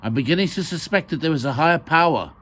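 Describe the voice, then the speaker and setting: Indian accent, male ward patient, volatile, shouting, raised pitch, voiced by a man reading aloud. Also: animated, slight background noise. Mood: declaiming. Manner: shouting, quick to anger.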